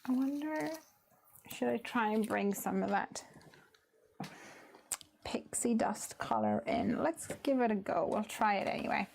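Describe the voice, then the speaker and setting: A woman hosting a live card-making stream, chatting as she works, thinking aloud and sometimes dropping to a soft murmur. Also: fairly high pitch, sing-song, unhurried, vocal fry, long pauses, a little hiss or hum. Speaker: crafting livestream host. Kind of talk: live crafting demo with chat.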